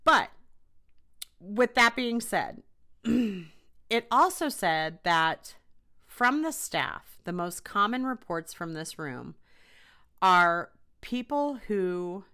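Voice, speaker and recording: A woman's voice: mid-range voice, drawn-out words, pauses often. A young woman hosting a podcast, telling a personal ghost story in a chatty way with many fillers. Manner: chatty, animated retelling with frequent fillers. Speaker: podcast host. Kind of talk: casual storytelling.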